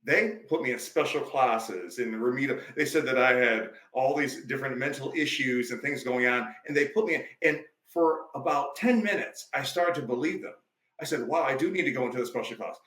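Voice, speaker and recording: A man's voice: mid-range voice, moderate pace, a bit bright, roomy sound, rough recording. A male life coach, a podcast guest, telling stories emphatically in a preachy, conversational way.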